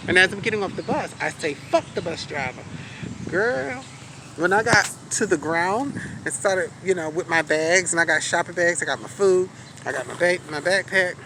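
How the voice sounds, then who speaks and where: An adult woman telling a story outdoors on a street corner in a casual vlog, animated, profane and outspoken as she vents. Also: lowish voice. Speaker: vlogger. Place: outdoors on a city street corner by a bus stop. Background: light street traffic and passing buses.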